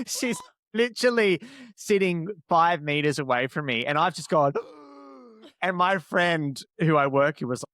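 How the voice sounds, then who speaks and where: Chatty man, slightly high voice. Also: sing-song, unhurried, fairly bright tone, no room sound, studio quality. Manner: chatty, laughs often, self-mocking. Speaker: podcast guest, producer. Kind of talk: casual chat.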